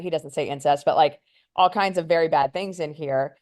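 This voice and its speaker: Low-voiced chatty woman co-host. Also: moderate pace, a little mellow. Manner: chatty, goes on tangents; camera shy. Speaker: podcast co-host. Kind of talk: casual chat.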